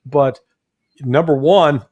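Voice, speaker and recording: A Midwestern-accented man with a fairly high voice talks politics as a guest. He is animated and folksy and drops joking asides. The sound is dry and close, with almost no room echo. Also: slow, dull audio. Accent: Midwestern American. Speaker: guest commentator. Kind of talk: casual political commentary.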